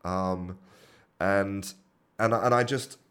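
A man hosting an interview, enthusiastic but halting, with many restarts. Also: deep voice, steady tone, a bit bright, clear, resonant tone. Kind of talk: conversational interview.

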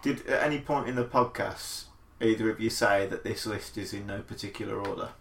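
A man's voice: lowish voice, fairly quick, vocal fry. A man judging a podcast debate in casual chat, dry and teasing. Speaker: podcast judge. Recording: echoey room with faint hiss.

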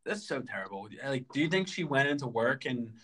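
A young man co-hosting a podcast, telling a story in casual chat, animated and full of fillers and stutters. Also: medium pitch, a little fast. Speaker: podcast co-host.

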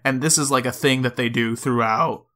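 Bright-voiced chatty man on a podcast. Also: mid-range voice, steady tone, normal speed. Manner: chatty, laughs easily, lots of fillers. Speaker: podcast co-host. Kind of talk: casual chat.

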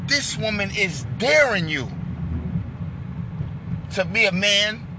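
Ranting high-voiced man. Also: lively intonation, slow, noisy background. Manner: loud, profane, shouting outbursts. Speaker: commentator. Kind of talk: ranting commentary.

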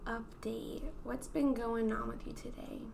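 A woman's voice: a little high, flat delivery, measured pace, vocal fry, a loud crowd. A young woman co-hosting a casual podcast from home at a dinner table, playful, giggly and teasing. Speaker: podcast co-host. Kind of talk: casual chat.

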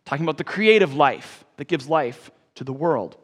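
Man, pastor, sermon, fairly high voice, emphatic swells and quiet drops, long church reverb. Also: lively intonation, moderate pace, husky. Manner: emphatic, swelling on key phrases then dropping soft.

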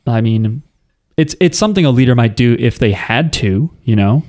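A man's voice: mid-range voice, animated, normal speed, darkish tone, no room sound, studio quality. A man co-hosting a casual podcast, recapping an anime with crude jokes and acted-out quotes. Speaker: podcast co-host.

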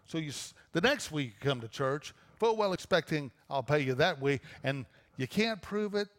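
Male pastor, conversational sermon delivery, somewhat high pitch, long church-hall reverb. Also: expressive, normal speed. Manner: conversational preaching with repeated restarts. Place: church auditorium.

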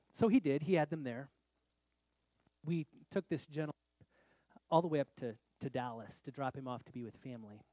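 Middle-aged guy pastor telling a story in a sermon, gets loud then goes quiet, dry close sound. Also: medium pitch, dry recording. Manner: animated, swings from loud exclamations to quiet confession.

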